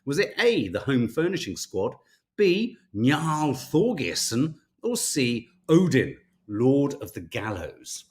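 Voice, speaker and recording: A man's voice: mid-range voice, sing-song, slow, a little mellow. A chatty man from the United Kingdom hosting a casual live-stream quiz. His voice swings widely up and down as he reads out questions and laughs at his own slips over names. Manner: chatty, self-mocking, stumbles over names. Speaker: podcast co-host running a viewer quiz.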